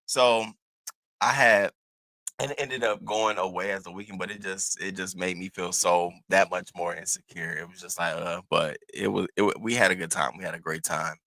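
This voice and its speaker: A man hosting his own channel, telling a casual story to his viewers in an animated, profane, chatty way. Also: low-pitched, normal speed, no room sound. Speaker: host.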